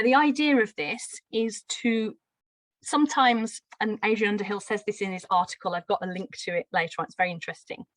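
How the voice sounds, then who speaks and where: In a live teacher-training lesson, a Brummie-accented woman from Birmingham, England, walks through a pronunciation drill in a warm, explanatory way, laughing lightly. She's a teacher trainer with a medium-pitched voice, captured on a low-quality recording with no room sound.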